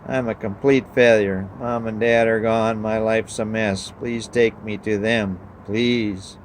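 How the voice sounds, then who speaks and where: A man reading the lines of a miserable teenage girl, pleading and despairing in a low voice. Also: steady tone, takes it slowly, a little hiss or hum.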